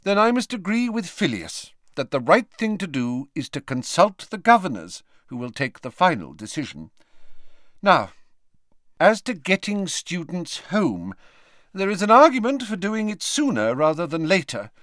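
A man voicing a stern, brisk older headmistress with a clipped, authoritative manner. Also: sits high, very animated, a bit bright, dry recording, studio quality, pitched above the performer's own voice.

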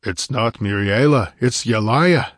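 A man voicing a gruff barbarian warrior who grunts orders in short, blunt commands, in an audiobook. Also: mid-range voice, unhurried, dry recording, studio quality, natural voice. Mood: commanding.

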